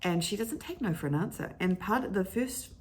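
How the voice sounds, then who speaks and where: A woman's voice: medium pitch, expressive, a little fast, darkish tone, slightly rough. A middle-aged woman chatting casually at home, rambling and often stopping to correct herself. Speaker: vlogger talking about favorite books. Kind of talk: casual chat. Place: at home at her computer with her dog.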